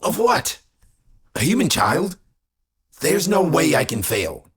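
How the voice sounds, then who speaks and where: Man putting on a touchy male immortal, indignant, boastful, raised and loud, audiobook character voice. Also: a little high, huge pitch swings, slow, husky, pitched above the performer's own voice, full character voice. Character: proud, touchy male immortal council member.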